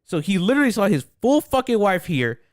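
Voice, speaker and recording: A man's voice: high-pitched, very animated, a little fast, no room sound, studio quality. A young man co-hosting a podcast, rambling in casual chat with lots of swearing and restarts. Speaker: podcast co-host.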